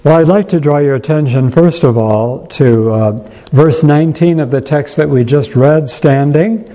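A man preaching a sermon in a church, unhurried and thoughtful, pausing often and restarting his sentences. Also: on the high side, warm tone, low-quality recording.

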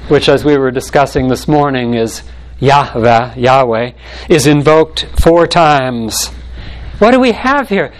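Male preacher, slightly raised pitch, measured emphatic sermon delivery with slowed stressed phrases. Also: low-quality recording.

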